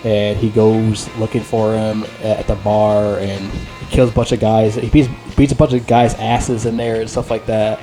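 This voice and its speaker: A man giving a casual, unscripted movie review, rambling and excitable, swearing freely and leaning on filler words. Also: on the low side, moderate pace, few pauses, faint music behind.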